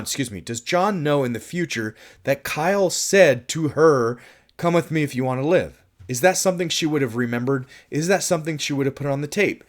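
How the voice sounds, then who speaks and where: A man reviewing a film in a casual, musing monologue, thinking aloud with restarts and laughs and briefly acting out quoted lines. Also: on the high side.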